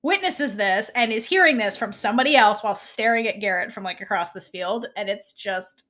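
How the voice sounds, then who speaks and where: Bright, expressive woman recapping a show. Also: mid-range voice, brisk. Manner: animated retelling, slips into quoted voices. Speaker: podcast co-host. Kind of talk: casual TV episode recap.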